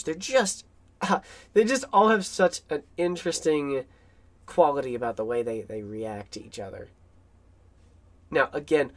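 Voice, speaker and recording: A film commentator talking casually and enthusiastically, rambling with many fillers and restarts. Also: mid-range voice.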